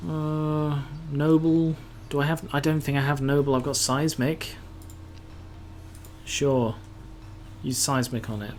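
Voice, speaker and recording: A man's voice: on the high side, little pitch movement, slow, slight background noise. A man grumbling and swearing to himself while giving casual gameplay commentary.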